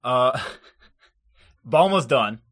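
A man in his own easygoing podcast chat, retelling cartoon scenes with frequent laughter and the odd curse. His voice sits at an ordinary middle pitch, and his delivery is loose and lively. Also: extremely slow. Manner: laughs often, animated, swears casually. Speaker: podcast co-host. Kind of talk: casual chat recapping an anime.

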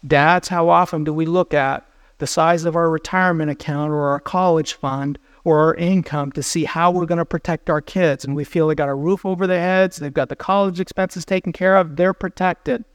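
A male pastor delivering a sermon with earnest urgency, pressing his listeners with repeated questions. His voice sits a little high for a man. The recording is dry and close, with no room sound. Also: steady tone, normal speed, smooth, no echo.

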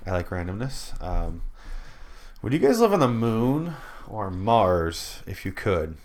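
A man hosting a casual group podcast chat, joking and firing off quick random questions. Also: fairly low pitch, very animated, a little mellow. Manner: loose, joking, asks rapid questions. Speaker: podcast host.

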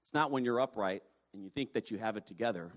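A pastor preaching a sermon, reading scripture aloud and urging the congregation to respond. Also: male voice, on the low side, quick pace.

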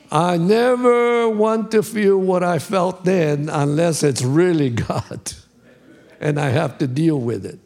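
Man, pastor, sermon, high voice, gravelly, repeats phrases for emphasis. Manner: emphatic preaching with repetition.

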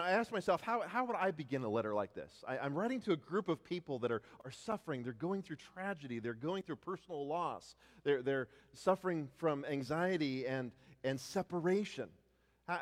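A man preaching a sermon as pastor, often repeating words as he restarts, rising to loud declarations and dropping to hushed tones. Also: fairly high pitch, in a large hall.

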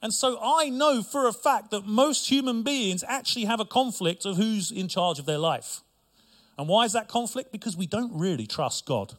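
A man's voice: high-pitched, expressive, moderate pace, a bit bright. A middle-aged male pastor preaching a sermon with humor and asides to his congregation.

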